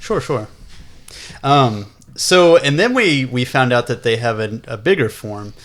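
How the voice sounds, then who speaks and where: A man co-hosting a casual podcast, his pitch sitting in the middle range. He rambles through episode recaps, correcting himself as he goes and laughing often. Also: very animated, normal speed, fairly bright tone. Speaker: podcast co-host.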